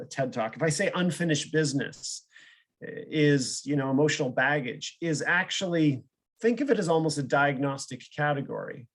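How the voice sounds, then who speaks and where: A man's voice: medium pitch, creaky. A man, a psychologist and professor, giving a conversational online seminar over a video call, explaining with examples and often checking in with "right?". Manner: explains with examples, ends points with questioning "right?".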